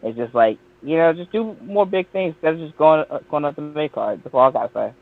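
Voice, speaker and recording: A man on a podcast panel, talking casually in an animated, profane way with frequent restarts. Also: fairly high pitch, fairly quick, vocal fry. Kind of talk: casual chat. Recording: tinny phone-like line.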